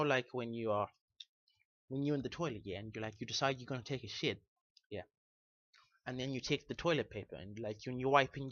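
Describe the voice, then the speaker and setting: A man's voice: medium pitch, fairly bright tone, no echo, natural voice. A man putting on a mixed-up British accent to play a crude, cheeky bloke. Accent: put-on hybrid British. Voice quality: blunt crude slang. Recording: dull lo-fi, dry.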